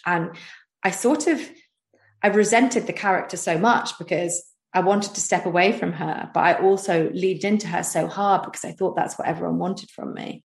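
A woman with a posh English accent, a comedy content creator appearing as a guest, tells candid stories in a chatty, self-mocking way, packed with filler words. Her voice is on the low side and sounds reverberant.

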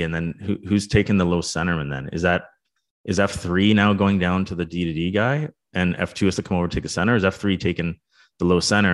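Man, deep voice, halting speech, casual hockey talk, frequent restarts. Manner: halting, many restarts, thinking aloud. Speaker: co-host, former pro hockey player and coach.

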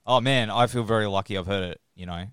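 A man's voice: on the low side, fast talker, a bit bright, smooth, no room sound, studio quality. An Australian man hosting a podcast interview, friendly and chatty, sometimes apologetic. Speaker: podcast host. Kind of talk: casual interview.

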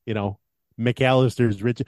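A man co-hosts a laid-back podcast, building up each item of a silly ranking with pretend gravity and cracking himself up. His voice sits at an ordinary middle pitch and comes across close and dry, with no room around it. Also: fairly even intonation, a little slow, darkish tone, no echo. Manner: mock-solemn countdown delivery, laughing at his own bits. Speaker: podcast co-host. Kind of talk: casual comedic podcast chat.

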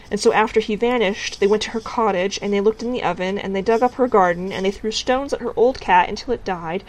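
Female storybook narrator, middle pitch, even and measured delivery. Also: low-quality recording. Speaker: audiobook reader.

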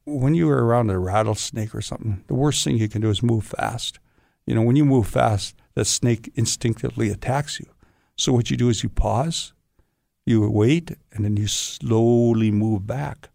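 A stunt performer in an interview, telling long rambling stories in a casual way and often saying "you know". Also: male voice, medium pitch, normal speed, gravelly, darkish tone, dry recording, studio quality.

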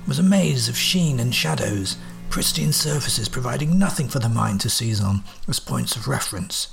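A man's voice: mid-range voice, animated, moderate pace, vocal fry, soft background music. A man playing a dry, sardonic detective. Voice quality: dry, clipped, precise Victorian diction. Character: aloof, sardonic male detective, cool and precise.

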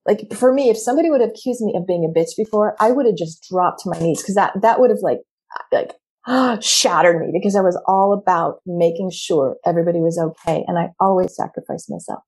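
Middle-aged woman coaching, frank and animated, husky warm voice. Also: lowish voice, a little fast. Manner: candid and expressive, acts out quoted reactions. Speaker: speaker coaching women. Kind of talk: animated motivational talk.

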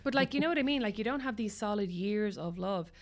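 A woman, chatting as a podcast guest and telling lively stories with quoted asides. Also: mid-range voice, quick pace. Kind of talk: casual chat.

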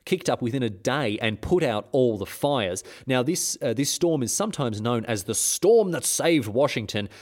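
A man's voice: medium pitch, animated, moderate pace, hardly any pauses. A man hosts a comedic history podcast in a mid-range voice. He rambles irreverently, often trips over words and starts again, and mocks the people in his stories. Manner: irreverent, rambling, with stumbling restarts. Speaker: host.

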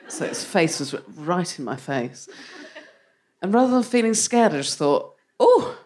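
A woman's voice: lowish voice, sing-song, a little slow, a little mellow, slight background noise. A woman performing live stand-up comedy on a theatre stage, playful and self-mocking, often laughing through her lines. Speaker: comedian, co-host.

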